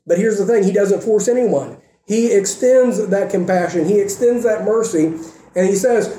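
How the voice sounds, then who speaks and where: A man preaches with earnest conviction, returning again and again to the same phrases. His voice sits high, with a very dark, mellow tone. The sound carries a roomy echo, like a church hall. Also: moderate pace. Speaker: pastor. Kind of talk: sermon.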